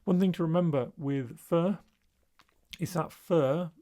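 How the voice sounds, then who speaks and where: A man, an art tutor, narrating his own painting process in a relaxed, thinking-aloud voice-over. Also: a little high, slow.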